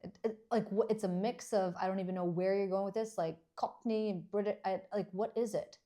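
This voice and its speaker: A woman's voice: medium pitch, steady tone, fairly quick, warm tone. A middle-aged woman from Canada co-hosts a podcast in easy, casual chat. She answers with dry, teasing remarks and laughs readily. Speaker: podcast co-host, dentist.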